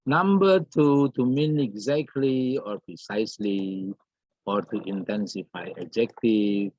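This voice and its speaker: A man teaching an English grammar lesson in a halting way, repeating and restarting his phrases. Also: lowish voice, darkish tone, no echo. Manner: halting and repetitive, restarts phrases, many fillers. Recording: dull lo-fi dry recording.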